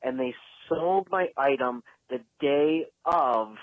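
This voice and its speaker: A frustrated man venting into a voicemail, rambling with lots of likes and restarts. The sound is thin and phone-like, dry and close, at an average pitch. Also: takes it slowly, no echo. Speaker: caller leaving a voicemail. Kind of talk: ranting voicemail story. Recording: tinny phone line voicemail.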